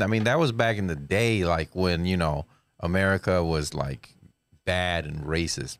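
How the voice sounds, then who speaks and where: A man with a lowish voice co-hosts a casual livestream podcast as its producer, teasing his host and offering deadpan sarcasm. The sound is dry and close-miked. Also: normal speed, no echo.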